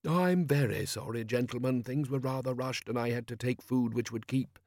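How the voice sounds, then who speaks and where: A man's voice: mid-range voice, normal speed, dry recording, clean studio sound, natural voice. A man reading an audiobook voices a polite, apologetic inventor. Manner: apologetic, soft-spoken.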